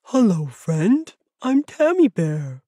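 A woman voicing a kind, gentle male bear who talks in a calm, reassuring way, in a children's audiobook. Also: mid-range voice, breathy edge, dry recording, exaggerated voice. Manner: warm, calming, slow and reassuring.

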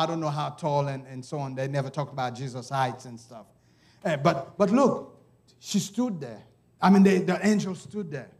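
A man preaching a sermon, emphatic, repeatedly urging "listen", swinging from hushed asides to shouted lines. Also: sits high. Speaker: pastor. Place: church service.

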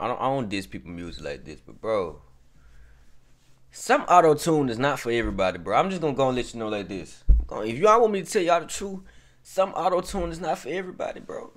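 Lively, rambling reaction-video guy. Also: medium pitch. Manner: rambling, profane, talks straight to viewers. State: just woken up. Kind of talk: casual reaction commentary.

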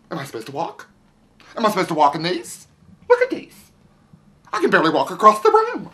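A melodramatic trailer-park wife, put on by a comic performer, wails and whines in a self-pitying home tour, her pitch leaping wildly between low mutters and shrill cries. The voice rings in an echoey room at home. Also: a bit bright. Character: distraught, whiny trailer-park wife named Mary. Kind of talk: parody video monologue, home tour. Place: indoors at home, house tour.

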